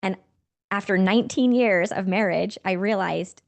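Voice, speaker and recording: A woman in her forties hosts a podcast, telling a personal story in a candid, conversational way. Her pitch sits in the middle of the range for a woman. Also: normal speed, creaky. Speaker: podcast host.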